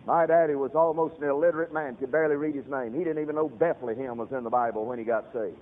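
A man's voice: mid-range voice, quick pace, long reverb tail. A man preaching a fiery sermon, telling stories and addressing his congregation directly. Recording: tinny radio broadcast.

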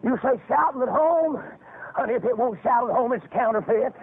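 Older man, revival preacher, high husky voice, tinny narrow recording. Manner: fervent, rising into shouts with drawn-out phrases. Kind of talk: revival sermon with storytelling. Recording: phone-like, narrow band.

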